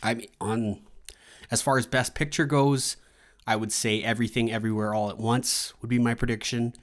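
A man's voice: medium pitch, steady tone, moderate pace. A man hosting a movie podcast, chatting casually on his own in a rambling, loose way, with lots of fillers and restarts. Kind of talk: casual solo chat.

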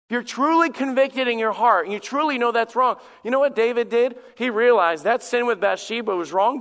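A man's voice: very high voice, a little fast, few pauses, fairly bright tone. A man preaching a sermon as lead pastor, emphatic and acting out little dialogues in different voices. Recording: long hall reverb.

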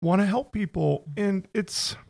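Earnest gravelly man, faith chat. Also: high voice, unhurried. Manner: earnest, emotional, speeds up when excited. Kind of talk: faith-based interview chat.

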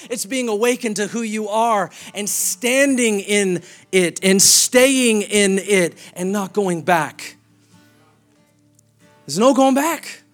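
A pastor preaching a sermon with emphatic, repeated declarations. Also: male voice, very high-pitched.

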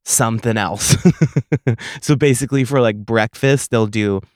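A young man hosting a solo comedy podcast, telling stories in a profane, sarcastic, animated way. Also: medium pitch, measured pace, no room sound, clean studio sound. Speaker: podcast host.

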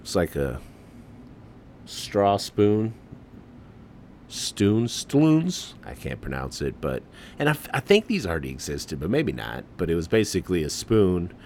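A man's voice: sits low, very animated, moderate pace, darkish tone, slight background noise. A man from the Midwest hosting a casual solo commentary, laid-back and enthusiastic, tossing in "man" and mild swearing. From American Midwest.

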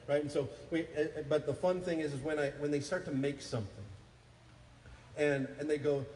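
Energetic preaching man in echoey church. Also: a little high, a little fast, a little hiss or hum. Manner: energetic preaching, calls for responses, rises to loud peaks. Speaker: pastor. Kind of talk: sermon. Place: church sanctuary. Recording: echoey hall, faint ambience.

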